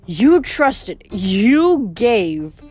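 A woman reading aloud, voicing a smug, menacing young male villain who speaks slowly and calmly. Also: fairly high pitch, faint music behind, exaggerated voice. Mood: furious. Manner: calm, drawn-out menace.

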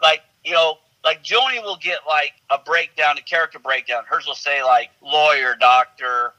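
A man, an actor guest, telling animated, rambling stories in casual chat with frequent restarts. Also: on the high side, normal speed, lo-fi sound.

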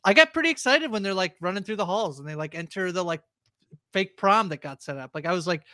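A man chatting as a podcast co-host, his voice bright and forward, close and dry on the mic. He rambles with lots of fillers and restarts his sentences. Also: high voice, animated, fairly quick, no room sound. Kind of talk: casual chat.

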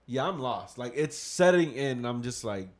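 A man's voice: mid-range voice, expressive, normal speed. Rambling man telling a casual story. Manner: rambling, acts out his own past thoughts with lots of "I was like"; swears casually. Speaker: father.

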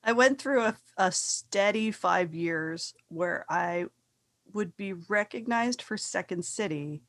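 Canadian woman, podcast host, animated raconteur with a very lively pitch. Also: takes it slowly, no echo. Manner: lively storytelling, acts out quotes. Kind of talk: casual chat.

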